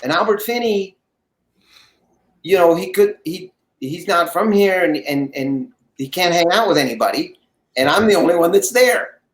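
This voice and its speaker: A man telling a story as an interview guest, his slightly high voice bouncing in a roomy space. He keeps it animated and acts out the other people's lines as he goes. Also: normal speed. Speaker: guest actor.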